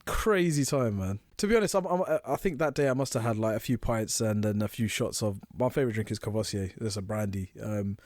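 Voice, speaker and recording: A man's voice: on the low side, no echo, clean studio sound. A man, co-hosting a podcast and telling drinking stories in casual chat, acting out what people said. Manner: fast, animated anecdotes with acted-out quotes. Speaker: podcast co-host.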